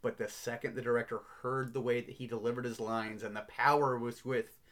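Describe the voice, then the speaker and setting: A man's voice: mid-range voice, steady tone, brisk, fairly bright tone. A man co-hosting a podcast, casually sharing behind-the-scenes film history in a knowledgeable, storytelling way. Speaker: podcast co-host.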